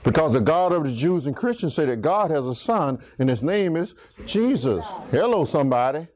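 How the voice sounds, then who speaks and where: A middle-aged pastor with a lilt leads a call-and-response Bible lesson. His voice sits high for a man, and he swings it up and down as he preaches. He keeps asking the listeners to call out the last word. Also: very animated, moderate pace, a little mellow. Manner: preachy, swings pitch, asks congregation to finish lines.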